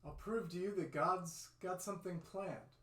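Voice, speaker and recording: A man voicing a calm, confident male teacher who reassures those around him, in a roomy-sounding space. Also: high voice, normal speed. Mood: reassuring. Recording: roomy echo.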